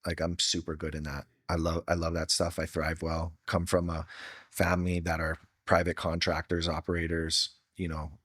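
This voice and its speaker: A man's voice: low-pitched, completely flat delivery, moderate pace, a bit bright, slightly rough, no echo, clean studio sound. A middle-aged man from Hawaii, a podcast guest telling personal stories in an earnest, heartfelt way with casual slang. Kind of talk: candid storytelling.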